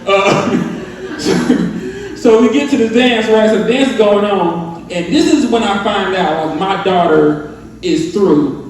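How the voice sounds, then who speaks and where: A young man with a Southern US accent doing a loose, animated stand-up set, asking the crowd questions as he tells stories. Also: sits high, measured pace. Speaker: stand-up comedian. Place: live comedy venue with audience. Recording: echoey, distant room mic.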